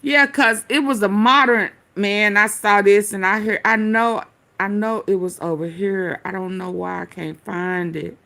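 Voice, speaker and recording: Slow, gravelly woman host rambling to viewers. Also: medium pitch, steady tone, sharp tone. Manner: rambling, talks straight to viewers, swears, searches aloud. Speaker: commentary channel host. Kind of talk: casual commentary reacting to clips.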